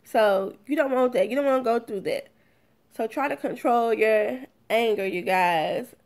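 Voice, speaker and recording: Earnest woman vlogger, slightly high voice. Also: unhurried. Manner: earnest, repetitive, addresses viewers as "you guys"; acts out heated and calm exchanges. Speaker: vlogger giving advice. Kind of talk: casual talk to camera.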